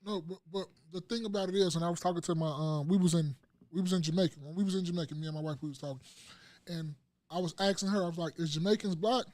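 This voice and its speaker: High-voiced man making an insistent point. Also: steady tone, fast, a little mellow, no room sound. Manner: talks in long, insistent runs with quoted back-and-forth. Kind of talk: casual discussion.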